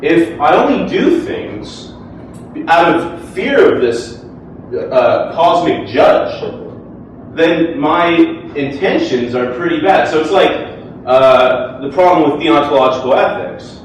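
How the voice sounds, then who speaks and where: An earnest man debating in a hall, talking conversationally with lots of ums. His voice sits fairly high for a man. The sound is roomy and distant, with a faint hiss under it. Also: lively intonation, slow pace. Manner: earnest, conversational, with filler words. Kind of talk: formal debate speech. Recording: echoey hall, distant mic.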